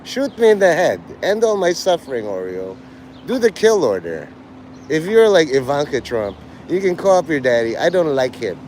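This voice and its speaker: A man's voice: fairly high pitch, big pitch swings, normal speed, a little mellow, a little hiss or hum. A man livestreaming to a chat, rambling crudely from joke to joke and breaking into laughter. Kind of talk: rambling live-stream chat.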